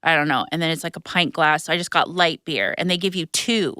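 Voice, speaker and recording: A woman hosts a podcast in a relaxed, animated storytelling style, full of fillers and quick asides. Her voice is smooth and clear. The sound is dry and close. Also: on the low side, no room sound. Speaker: podcast host. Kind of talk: casual chat.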